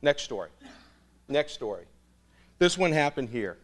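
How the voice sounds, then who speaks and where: Lively, animated storytelling priest. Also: male voice, medium pitch, measured pace. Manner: animated storyteller, laughs often. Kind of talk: storytelling sermon.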